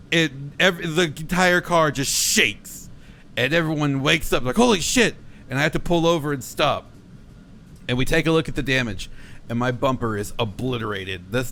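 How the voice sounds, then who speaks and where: A young man telling a road-trip story on a podcast, swearing a lot and acting out his own shouts. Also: mid-range voice, a little hiss or hum. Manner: profane, animated, acts out his own shouts. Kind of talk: casual storytelling chat.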